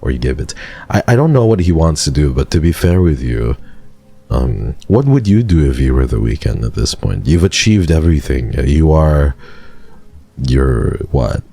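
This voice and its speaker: A man's voice: extremely low pitch, big pitch swings, vocal fry, warm tone, husky. A man in his twenties from Canada, streaming and chatting casually with viewers in a rambling way. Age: 20s. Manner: rambling, chatty, quick restarts. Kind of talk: casual chat with live chat.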